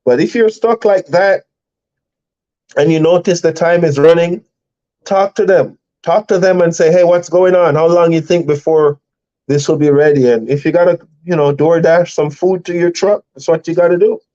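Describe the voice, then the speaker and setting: Male stream host, easygoing storyteller, mellow tone, lo-fi audio. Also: a little high, moderate pace. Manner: chatty, laughs often, rambling storytelling. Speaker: truck driver and live stream host. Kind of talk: casual live stream chat.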